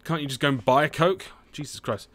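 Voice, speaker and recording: A man's voice: a little high, brisk, a bit bright. A young British man from the UK, chatting casually while he plays a farming game, swearing often and humming to himself. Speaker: gaming streamer. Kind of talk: casual let's-play commentary.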